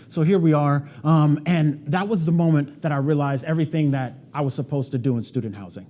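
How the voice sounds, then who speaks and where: Fast-talking man giving a keynote story. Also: fairly high pitch. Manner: casual and animated, heavy on "like" and "right?". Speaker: conference presenter. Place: event stage before an audience.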